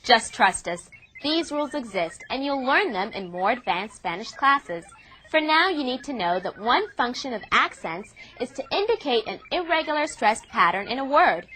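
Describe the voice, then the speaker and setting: A woman's voice: high-pitched, big pitch swings, moderate pace, pushed and bright, a little hiss or hum, rough recording. A woman reading scripted instructional narration in a reassuring, explanatory way.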